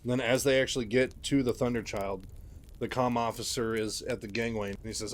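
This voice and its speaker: Male host narrating game lore: relaxed, chatty, unpolished. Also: medium pitch, a little fast. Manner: loose, chatty, frequent fillers. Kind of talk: casual retelling of game lore.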